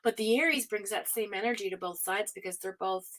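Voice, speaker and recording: Hosting a live tarot stream, a woman with a mid-range voice talks a little fast and keeps things casual. She reads viewer comments aloud, laughs often, and drops into hushed asides.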